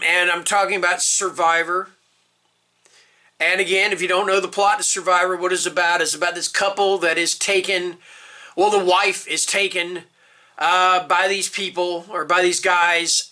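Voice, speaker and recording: A man's voice: high-pitched, bright, forceful tone. A middle-aged man chatting casually about books, rambling and emphatic, often checking in with "all right?" and swearing now and then. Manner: openly emotional, swears. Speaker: book reviewer. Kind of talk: casual booktube tag video.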